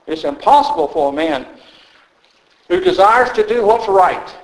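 A man's voice: sits high, gravelly, darkish tone, echoey room, rough recording. An older man preaching a sermon as pastor, telling stories in a folksy way with frequent chuckles. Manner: storytelling, folksy, chuckles often. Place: church sanctuary.

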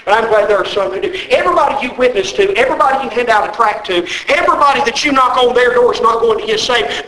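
A man's voice: very high voice, pushed and bright. A man preaching a sermon in a church, emphatic and repetitive, often asking his listeners rhetorical questions. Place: church sanctuary. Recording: roomy church echo.

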